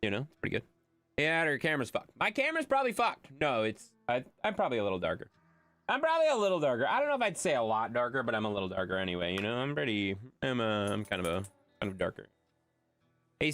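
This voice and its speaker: A woman live-streaming a game, chatting casually and jokily with her viewers and reading their messages aloud. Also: extremely low pitch. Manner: animated, jokey, reads chat aloud and swears freely.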